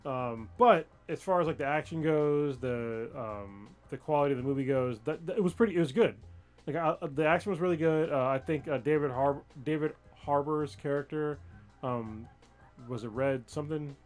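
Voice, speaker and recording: A man's voice: a little high, moderate pace, a little mellow, faint music behind. Hesitant man swearing through casual chat. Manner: hesitant, filler-heavy, profane. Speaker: podcast co-host.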